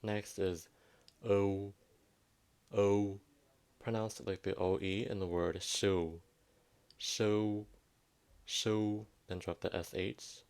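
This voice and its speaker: A man with a Southwestern Vietnamese accent giving a pronunciation lesson, repeating each word slowly and carefully. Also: low-pitched, fairly even intonation, gravelly, darkish tone. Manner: slow, careful teaching, repeats words for emphasis. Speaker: language teacher.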